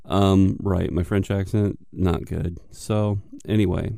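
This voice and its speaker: A man's voice: sits low, steady tone, slow pace, creaky, dark tone, no room sound, clean studio sound. A man rambling jokingly as he introduces his audition. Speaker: voice actor auditioning. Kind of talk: casual audition chat.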